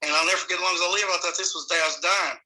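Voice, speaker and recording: A middle-aged man, casually telling rambling, animated stories as a podcast guest. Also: high voice, racing, rough recording. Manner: rambling, animated, with many restarts. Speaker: guest, former amateur wrestler. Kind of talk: casual storytelling.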